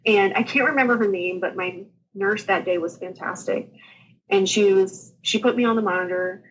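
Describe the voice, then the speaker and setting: A woman, speaking as a podcast guest. She tells her story in a lively, laughing manner and acts out the dialogue as she goes. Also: mid-range voice, normal speed, slightly rough, rough recording. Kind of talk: casual storytelling.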